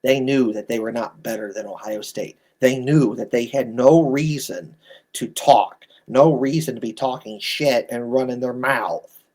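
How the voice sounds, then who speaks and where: A man's voice: mid-range voice, measured pace, a little mellow. A man in his thirties ranting bluntly in an exasperated, scolding commentary. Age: 30s. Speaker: sports commentator.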